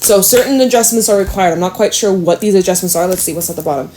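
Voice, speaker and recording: A woman giving a casual, frank tarot reading to her viewers, chatty and quick to swear and laugh. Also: mid-range voice, dark tone, a little hiss or hum. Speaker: tarot reader.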